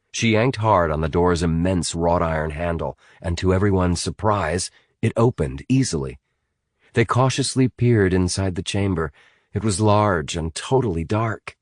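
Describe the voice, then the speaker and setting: A man reading a thriller audiobook in an expressive, dramatic way. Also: deep voice, moderate pace, no echo, clean studio sound. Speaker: audiobook narrator. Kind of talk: scripted audiobook narration.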